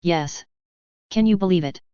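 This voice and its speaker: A woman voicing an excited, naive young male alien office worker, low and smooth in a slightly dull recording. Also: unhurried, no room sound, close to an everyday voice. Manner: excited, bubbly.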